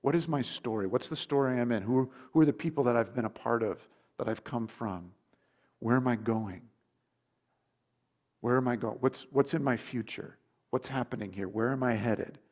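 A man's voice: mid-range voice, moderate pace, darkish tone. Guy preaching casual sermon, rambly, lots of like and restarts, acts out the questions. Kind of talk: conversational sermon.

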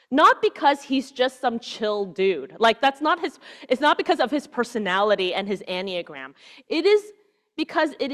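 Woman preaching in a casual, chatty way. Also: on the high side. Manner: casual, keeps asking "right?", drops to a hushed voice on key words. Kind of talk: conversational sermon.

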